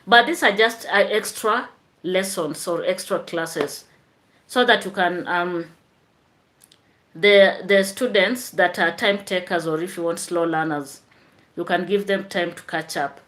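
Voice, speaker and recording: A woman's voice: lowish voice, measured pace, a bit bright. A woman teacher hosting a chatty live stream, tired after work, answering viewer comments.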